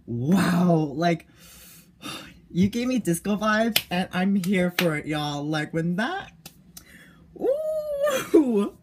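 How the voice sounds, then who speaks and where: Gushing young woman reacting, faint hiss. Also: lowish voice. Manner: gushing, animated, drawn-out fan talk. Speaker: YouTube reactor. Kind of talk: casual reaction vlog.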